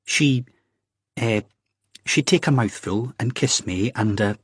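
A man voicing an anxious, earnest young Scottish man who talks in a halting, hesitant way, with a Scottish accent. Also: mid-range voice, slightly rough, no room sound, studio quality. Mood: embarrassed, halting. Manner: hesitant, halting, drawn-out reasoning.

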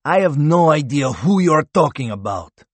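A man's voice: a little high, big pitch swings, moderate pace, no room sound, voice pushed up. A man voicing a smug, menacing Russian captive who hisses threats, in an audiobook. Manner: threatening, hissing.

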